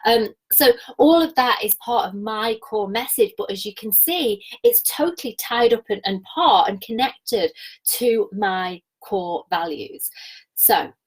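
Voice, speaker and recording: A woman's voice: medium pitch, animated, unhurried, breathy edge, rough recording. A woman in her thirties giving a passionate, chatty business coaching talk and laughing often. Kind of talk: live online coaching talk.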